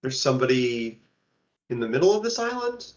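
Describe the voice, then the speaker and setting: A man's voice: medium pitch, big pitch swings, fairly quick. Hesitant man playing a game character. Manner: hesitant, repeats words. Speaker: player.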